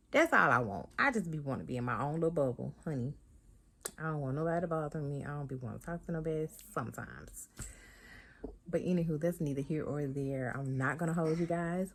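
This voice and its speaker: A young woman vlogger chatting casually to her viewers, with slangy asides. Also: sits low. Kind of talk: casual vlog chat to camera.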